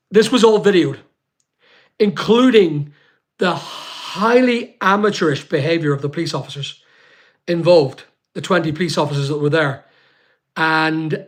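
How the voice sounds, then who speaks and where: A man telling his own story on a livestream, emphatic and repetitive, pausing often with fillers. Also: on the high side, fairly bright tone. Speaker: YouTuber on a livestream. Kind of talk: emotional personal account.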